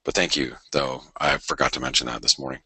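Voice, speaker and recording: A middle-aged man hosts a live forex trading show, his voice extremely low and husky with a bright, forceful edge. He talks fast with fairly even intonation, rambling casually through market commentary and stammering into restarts as he thinks aloud. The recording is dry.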